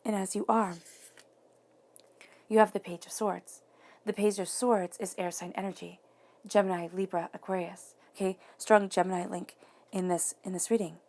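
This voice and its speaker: Gravelly-voiced woman giving a tarot reading. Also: medium pitch, fairly even intonation, normal speed, long pauses, darkish tone. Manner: earnest, encouraging, repeats phrases for emphasis. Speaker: tarot reader.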